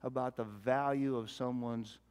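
Man, pastor, sermon, folksy, loud emphasis then soft asides, repeats words, church sanctuary. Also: medium pitch, steady tone, measured pace, clean tone. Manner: repeats words and restarts while thinking.

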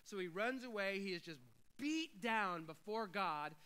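Bright-voiced emphatic male preacher. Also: high voice, animated, measured pace, smooth, low-quality recording. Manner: emphatic, swells to loud declarations. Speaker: pastor. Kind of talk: sermon.

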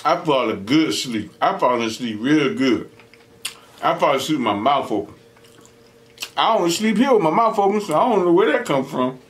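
A man's voice: fairly high pitch, moderate pace. A young man hosting an eating show at home, telling stories casually between bites, laughing often and acting out what others said. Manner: animated, laughs often, acts out quoted voices. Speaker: mukbang host. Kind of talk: casual storytelling while eating.

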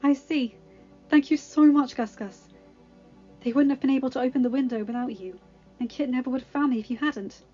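A woman's voice: high-pitched, fairly quick, dark tone, highs cut off, soft background music. Woman voicing a shy, kind young woman. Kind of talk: storybook reading.

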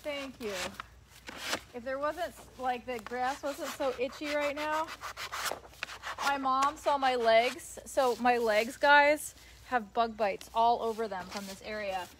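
A woman's voice: high-pitched, takes it slowly. Chatty young woman over sanding noise. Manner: chatty, talks to viewers and reads their comments. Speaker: livestream host. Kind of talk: casual live chat while working. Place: outdoors on grass. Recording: loud sanding noise in background.

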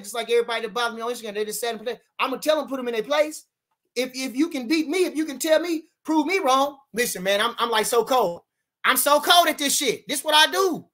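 A man's voice: very high voice, sharp tone. A man hosting a casual livestream about boxing. He reads viewer comments aloud and answers them in brash, boastful street slang, repeating lines for emphasis.

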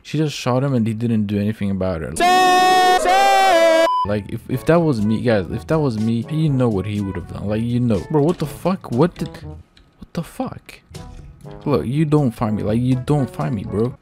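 A man doing gameplay commentary, excitable and laughing often, swearing freely. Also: medium pitch, normal speed, soft background music. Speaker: gaming YouTuber.

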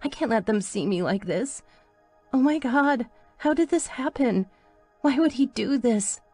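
A woman's voice: a little high, expressive, unhurried, dark tone, breathy edge, faint music behind, pitched above the performer's own voice, exaggerated voice. A woman voicing a heartbroken teenage girl, pleading and near tears. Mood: distraught.

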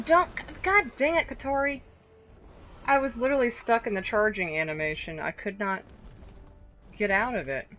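Animated woman reacting to her gameplay. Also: sits low, a little hiss or hum. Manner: exclaiming and laughing at the action, sarcastic. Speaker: streamer playing a video game. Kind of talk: live gameplay commentary.

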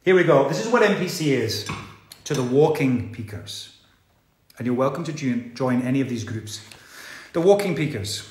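A man's voice: mid-range voice, expressive, moderate pace, a little mellow, reverberant. A man hosting an online gala, chatting playfully and reading out fan messages with joking asides. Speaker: gala host.

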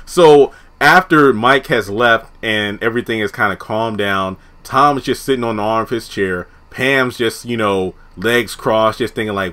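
A young man casually recapping a TV episode, animated, laughing often and acting out the characters' lines. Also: lowish voice, a little slow, hardly any pauses. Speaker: TV episode reviewer.

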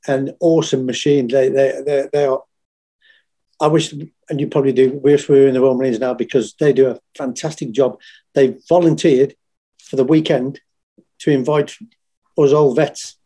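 A man in his fifties with a Liverpool accent chats as an interview guest. His voice sits warm and mellow at a middling pitch. He tells stories bluntly, swearing freely and getting animated when he quotes other people. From England. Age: 50s. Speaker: interview guest, former Royal Marine and firefighter. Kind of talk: casual storytelling.

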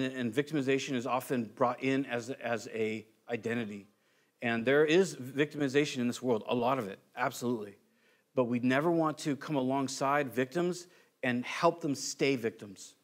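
A male pastor preaching a conversational sermon, acting out quoted voices and restarting phrases often. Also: medium pitch.

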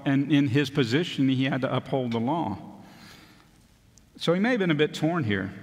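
Male pastor, mid-pitched, casual sermon delivery with dry humor, church hall reverb. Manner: conversational preaching with self-deprecating humor. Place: church sanctuary.

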